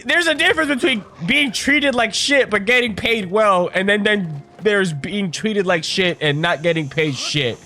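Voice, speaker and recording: A man in his twenties chatting casually while playing a game, rambling and profane, venting with sudden loud outbursts. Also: high-pitched, measured pace, few pauses. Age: 20s. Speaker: gaming streamer. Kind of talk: casual gameplay chat.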